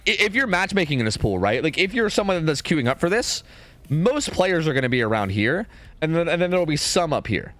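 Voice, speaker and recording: A man's voice: fairly high pitch, fairly bright tone. A young man streaming, ranting casually in a rambling way, full of "like" and "dude" and some swearing.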